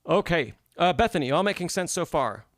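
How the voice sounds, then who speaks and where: A man's voice: fairly high pitch, lively intonation, fairly quick. Man teaching piano on a live stream. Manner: encouraging, explanatory, hums phrases aloud.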